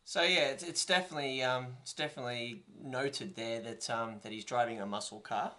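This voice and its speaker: A man's voice: medium pitch, brisk, sharp tone. A man hosting a casual podcast chat, full of ums and dry sarcasm. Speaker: podcast host.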